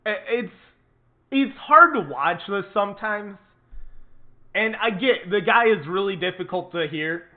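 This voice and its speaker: A man's voice: high voice, lively intonation, a little slow. A man hosting his own political commentary show, talking in an indignant, emphatic way and repeating words for stress. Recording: tinny phone-like sound.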